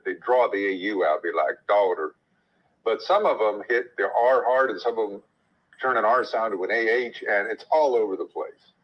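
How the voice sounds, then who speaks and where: A man's voice: on the low side, husky, highs cut off. A man who works as an actor, talking thoughtfully and explaining at length in a casual chat. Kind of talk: casual chat in an audio room.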